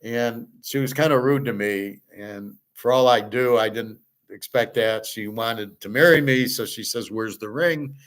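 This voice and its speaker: A man's voice: mid-range voice, unhurried, a bit bright. A middle-aged man hosting a casual monologue, rambling and blunt, swearing freely. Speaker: host.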